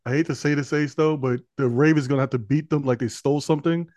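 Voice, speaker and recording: A man co-hosting a casual sports podcast who banters in a rapid, animated way, spinning conspiracy takes on the league. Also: a little high, no room sound.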